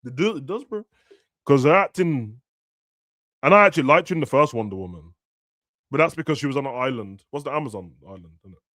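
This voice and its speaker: A young man, ranting and joking as a streamer during a football watch-along, now and then shouting. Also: medium pitch, expressive, fast, long pauses, no echo, studio quality. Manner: ranting, slangy, bursts of shouting. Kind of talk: casual chat over a live match.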